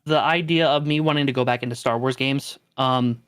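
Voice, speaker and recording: A man's voice: mid-range voice, fairly even intonation, brisk, fairly bright tone, clear, resonant tone, no echo. Enthusiastic rambling man, dry close mic. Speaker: podcast co-host. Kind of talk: casual chat.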